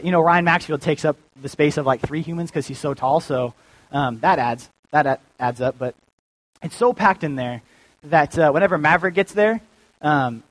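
A man's voice: on the high side, rough recording. A young man giving a casual, joking sermon as a youth pastor, full of fillers and restarts. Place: church.

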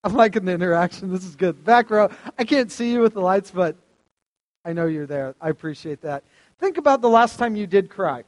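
A man's voice: sits high, animated, a little fast, big-room sound. A man preaching a sermon to a live audience, conversational and asking them questions. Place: hall with stage lights.

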